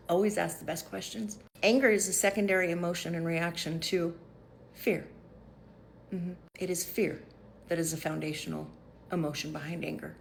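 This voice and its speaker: A woman sharing a casual faith talk straight to her viewers, affectionate and folksy, sometimes dropping to a soft whisper. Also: lowish voice, fairly even intonation, normal speed, a little hiss or hum. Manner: uses casual slang. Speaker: faith vlogger.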